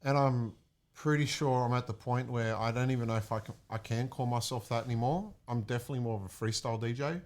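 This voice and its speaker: A man, a DJ chatting casually on a podcast and telling lively stories. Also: medium pitch, quick pace. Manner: animated storyteller, laughs while telling. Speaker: DJ and podcast regular. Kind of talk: casual chat, storytelling.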